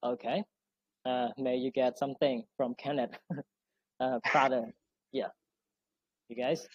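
A man's voice: mid-range voice, fairly even intonation, unhurried, husky, no echo, dull audio. A man hosting an online English Q&A on a video call, chatty, with many fillers and frequent laughs. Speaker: host.

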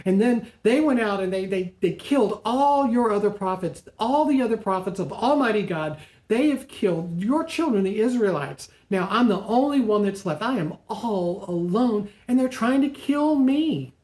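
A man's voice: high-pitched, lively intonation, a little slow, darkish tone. Brief: exhausted, desperate prophet read by a male pastor, agitated and pleading, roomy church sound. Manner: pleading, agitated, self-pitying outbursts. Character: despairing prophet Elijah, worn-out man venting to God.

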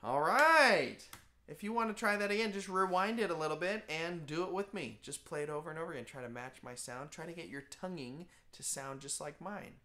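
A man's voice: a little high, quick pace, hardly any pauses, bright, forceful tone. Man, band teacher, patient, simple explanations, casual lesson.

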